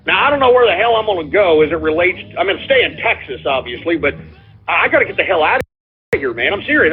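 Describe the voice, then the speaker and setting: A man's voice: high voice, sing-song, fast, faint music behind. A man hosting a call-in radio show, ranting heatedly with lots of profanity and repetition. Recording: lo-fi phone-like sound.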